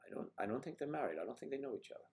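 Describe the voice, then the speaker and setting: An older man hosting a casual live stream and chatting through viewer comments. He talks in a halting way and often clears his throat. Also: medium pitch, lively intonation, darkish tone.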